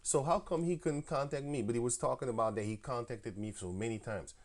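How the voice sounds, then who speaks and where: A man tells a long rambling story in slangy, profane street talk. He jumps into the voices of both sides of a heated phone fight, getting loud and high when the story heats up. His pitch sits in an ordinary middle range. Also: brisk. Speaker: camp member telling a story. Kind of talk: casual storytelling rant.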